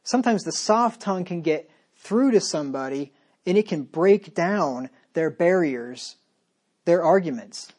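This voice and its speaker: A man's voice: on the high side, animated, unhurried, a little mellow. A man preaching a sermon as pastor, talking straight to his listeners with emphatic repetition and rhetorical questions.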